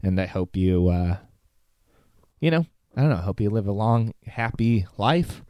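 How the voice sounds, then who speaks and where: A young man in his twenties giving a halting, heartfelt message to his father, near tears and cursing casually. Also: lowish voice, expressive, clear, resonant tone, no echo, lo-fi sound. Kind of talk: personal spoken message.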